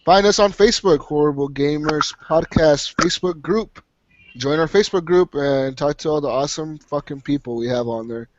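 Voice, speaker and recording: A man's voice: fairly high pitch, normal speed, muffled recording, a little hiss or hum. Foul-mouthed man hosting a podcast. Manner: profane, laughs often. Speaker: podcast host. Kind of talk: casual gaming podcast chat.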